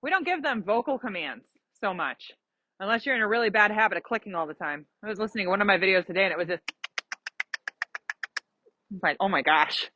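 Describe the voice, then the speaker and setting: A woman's voice: mid-range voice, animated, fast, long pauses, pushed and bright, no echo, muffled recording. A woman coaching a rider through a lesson, explaining patiently with examples and giving encouragement. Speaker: riding instructor. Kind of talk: live coaching during a riding lesson.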